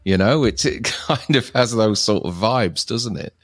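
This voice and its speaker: A man's voice: fairly low pitch, expressive, unhurried, no echo, clean studio sound. A man co-hosting a casual chat about films, rambling and often circling back to finish his thought, with frequent chuckles. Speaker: co-host discussing films.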